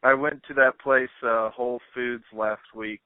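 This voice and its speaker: A man's voice: medium pitch, steady tone, unhurried, clean tone, dry recording. A man hosting a podcast, chatting in an easygoing way with lots of fillers. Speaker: podcast host. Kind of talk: casual interview chat. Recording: dry, tinny phone-like line.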